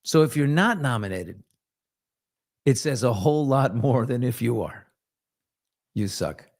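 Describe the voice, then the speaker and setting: A man's voice: mid-range voice, lively intonation, measured pace, a little mellow. A middle-aged man hosting a casual live morning talk show, blunt and sarcastic, now and then mimicking other voices. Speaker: host.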